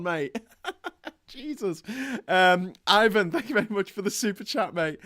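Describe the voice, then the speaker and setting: A man's voice: sits high, lively intonation, unhurried, bright, forceful tone. A man co-hosting a casual live-stream chat, joking, laughing often and reading out viewer messages. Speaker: co-host reading viewer comments.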